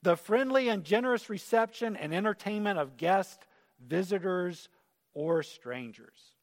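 A high-pitched man preaches unhurriedly in an auditorium, the hall's reverberation audible around him. His manner is earnest and conversational, with quotes acted out.

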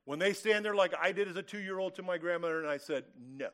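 A man with a somewhat high voice preaches a verse-by-verse sermon. He is from California and leans hard on key words, stretches phrases out slowly for weight, and throws rhetorical questions at his listeners. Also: a bit bright, smooth. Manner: emphatic preaching with rhetorical questions and acted-out quotes. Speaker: pastor. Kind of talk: expository sermon.

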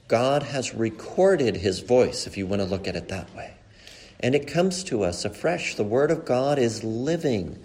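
Animated preaching man. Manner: earnest preaching, rising to emphatic peaks and dropping low and slow. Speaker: pastor. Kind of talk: sermon.

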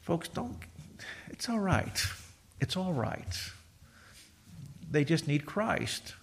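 Chatty male pastor, slightly high voice. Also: sing-song, very slow, gravelly, slight background noise. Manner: conversational, jokey storytelling with quoted voices. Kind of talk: sermon.

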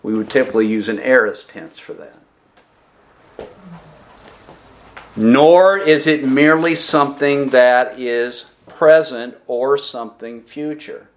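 A man delivers an expository sermon at an unhurried, measured pace. His voice sits in a middle register, and he leans on key words with emphatic pauses. He poses questions to the congregation and answers them himself. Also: mid-range voice. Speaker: pastor.

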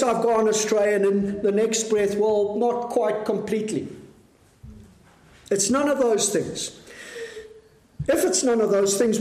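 A man preaching a sermon, measured and full of rhetorical questions to the congregation. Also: very high-pitched, a little mellow, reverberant.

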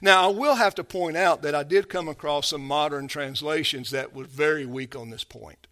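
A man preaching a sermon, emphatic and drawn out, who swings between hushed and forceful passages and often repeats himself. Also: a little high, normal speed. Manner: repeats words and restarts often. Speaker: pastor.

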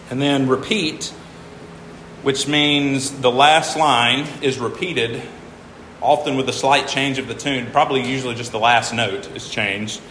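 A man's voice: medium pitch, fairly even intonation, unhurried, pushed and bright, reverberant, big-room sound, slight background noise, poor audio. A man teaching a class, patiently walking through examples and counting syllables aloud. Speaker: teacher explaining hymn meters. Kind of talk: informal classroom lecture.

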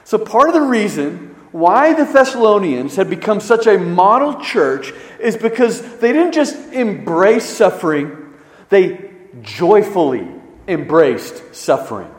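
A man preaching a sermon as pastor, swinging between loud emphasis and hushed, low stresses. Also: very animated, a little slow. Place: church sanctuary. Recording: echoey church hall.

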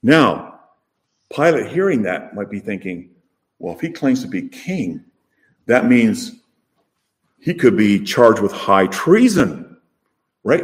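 A man preaching a sermon, emphatic and full of rhetorical questions, with his voice rising and falling in loudness. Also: lowish voice, big pitch swings, slow, long pauses.

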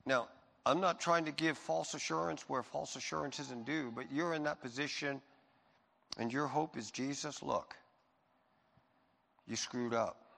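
A man's voice: mid-range voice, unhurried, vocal fry, pauses often. Preaching man in a reverberant hall. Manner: swings from loud emphatic preaching to soft intimate reassurance. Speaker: pastor. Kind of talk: sermon.

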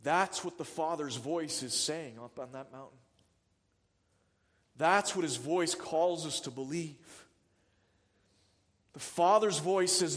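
A man with a notably high voice delivers a sermon as pastor, earnest and driven by rhetorical questions. His voice rings out with a long reverb tail, as if in a large church sanctuary. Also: slow pace, fairly bright tone.

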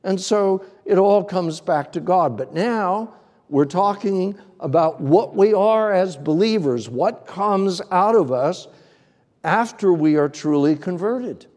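A man's voice: high-pitched, lively intonation, slow, a little mellow, big-room sound. A man preaching an expository sermon, working methodically through numbered points.

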